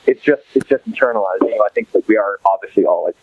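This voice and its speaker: Man from los angeles, podcast guest, rambling casual chat, lowish voice, dry slightly muffled sound. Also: fast, breathy edge, no echo. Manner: rambling, many restarts and fillers.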